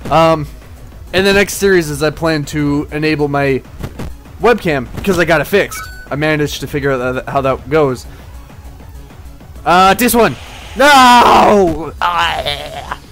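A man casually commenting on his gameplay, rambling and excitable, swearing at enemies. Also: a little high, normal speed, long pauses. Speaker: gaming channel host. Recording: faint game music behind. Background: game music.

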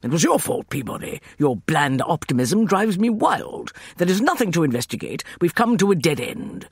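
A man voicing a gruff, irascible male archaeologist who growls his words in exasperation. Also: a little high, big pitch swings, normal speed, no room sound, studio quality, pitched above the performer's own voice, heavily acted. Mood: exasperated.

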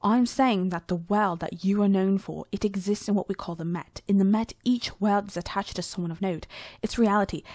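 A woman's voice: medium pitch, a little mellow, no echo, lightly acted. A woman voicing an ageless male space traveler, confident and matter-of-fact, explaining things insistently in a storybook reading.

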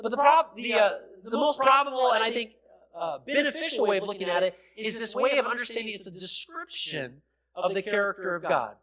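High-pitched man preaching emphatically. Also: animated, a little fast. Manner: emphatic preaching, rising to near-shouts on key points; explanatory teaching with repeated phrases and fillers. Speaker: pastor. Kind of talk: sermon. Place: church sanctuary. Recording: noisy sanctuary recording with crowd sound, poor audio.

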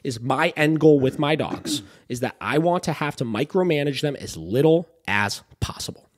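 A man's voice: a little high, expressive, normal speed. A young man hosting a dog training podcast, explaining emphatically in a casual way, often asking "right?" and swearing now and then.

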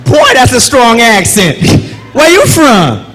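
A man giving a joking church welcome that swings into shouted preaching, bantering with the congregation. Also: very high-pitched, huge pitch swings, takes it slowly, over music.

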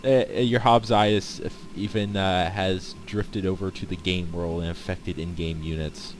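Low-voiced, laid-back young male co-caster. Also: steady tone, soft background music. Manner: laid-back, self-deprecating, quick to laugh. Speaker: co-caster and player. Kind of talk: casual game commentary.

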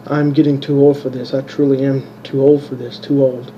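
A man voicing a tired, aging male mage who gives commands in a low, subdued mutter, on a dull home recording. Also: level tone, normal speed, a little hiss or hum, lightly acted. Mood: weary.

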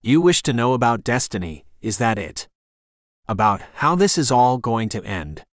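A man's voice: mid-range voice, big pitch swings, moderate pace, dry recording, clean studio sound, lightly acted. A man voicing a cruel, mocking male demon king who taunts his captors in an audiobook. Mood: menacing taunt. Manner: taunting, cackling menace.

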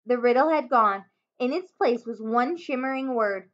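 A woman teacher reading a children's chapter book aloud, expressive, with small slips and self-corrections. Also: on the high side, a little slow. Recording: dull lo-fi home recording.

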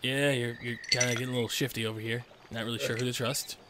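A man's voice: mid-range voice, little pitch movement, quick pace, very noisy. A man hosting a casual gaming session, joking and teasing his friends over voice chat while they play poker. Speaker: gaming channel host.

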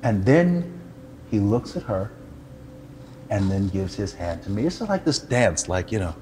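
An older man, a pastor, telling a personal testimony in an animated, humorous way and poking fun at himself. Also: fairly low pitch, a little slow, a little hiss or hum. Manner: animated, humorous, self-deprecating storyteller.

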